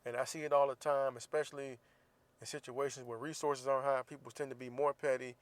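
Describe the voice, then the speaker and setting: A man's voice: medium pitch, level tone, brisk, no echo. A man in his thirties hosting a casual podcast, telling a teasing story and acting out the dialogue, then giving earnest advice. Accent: US Southern. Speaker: podcast host.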